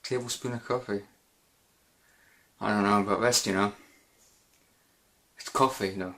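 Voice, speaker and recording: A man's voice: fairly low pitch, fairly even intonation, measured pace, pauses often, pushed and bright. A man hosting a casual Q&A vlog, rambling and hesitant with many fillers and restarts. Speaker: YouTube gaming channel host.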